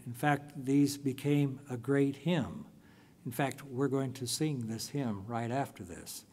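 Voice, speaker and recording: A male pastor delivers a sermon at a slow, unhurried pace. He tells the story in a deliberate way, stretching out key phrases. His voice sits at a middling pitch for a man. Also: darkish tone.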